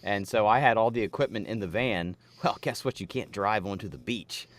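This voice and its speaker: A man's voice: lowish voice, a little fast. A man co-hosting a comedy podcast, riffing crudely and reading a news story aloud. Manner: crude, riffing, breaks into loud put-on phone voices. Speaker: podcast co-host.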